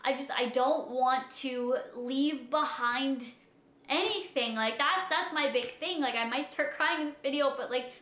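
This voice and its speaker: A woman's voice: high-pitched, unhurried, fairly bright tone, echoey room. A woman vlogger talking in an anxious, rambling way, short of breath and full of "like". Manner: anxious, rambling, heavy use of "like". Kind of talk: confessional vlog talk.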